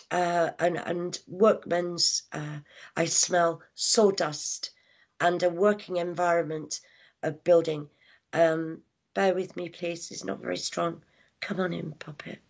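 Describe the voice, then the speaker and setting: Gravelly low woman giving a psychic reading. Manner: halting, many fillers, hushed asides; affectionate, calls people darling and my lovely. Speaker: psychic medium. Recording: dull lo-fi sound.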